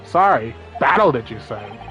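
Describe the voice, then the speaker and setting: A woman voicing an earnest, puzzled young law student in a game let's play, speaking low, quiet and bemused. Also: sing-song, normal speed, highs cut off, soft background music, heavily acted.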